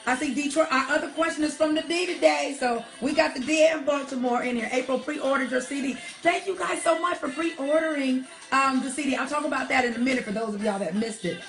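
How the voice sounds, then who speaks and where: This livestream host speaks quickly in a high, gravelly voice with hardly any pauses. Reading viewers' shout-outs, she chats casually and warmly, calling them honey and darling and saying y'all often, over a softly playing R&B song.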